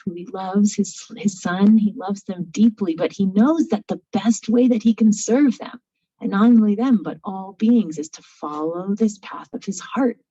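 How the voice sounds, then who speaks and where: A woman telling a story aloud in an informal, animated way with frequent fillers. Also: medium pitch, vocal fry, breathy edge, highs cut off. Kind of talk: spoken storytelling.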